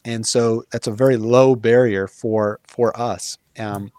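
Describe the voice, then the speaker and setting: A man's voice: medium pitch, fairly even intonation, unhurried, a little mellow, smooth, no echo. A man as an interview guest, explaining in an earnest, thoughtful way with many fillers and restarts. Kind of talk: casual conversational explaining.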